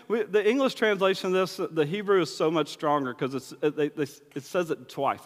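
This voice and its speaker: A man's voice: on the high side, animated, a little fast, few pauses. A man preaching a sermon in a loose, conversational way, acting out bits of dialogue. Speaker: pastor. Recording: long hall reverb.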